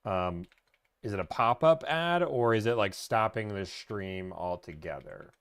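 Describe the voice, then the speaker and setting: A man's voice: on the low side, expressive, unhurried, a bit bright, a little hiss or hum. A man hosting a live stream where he negotiates car deals, joking and upbeat as he talks.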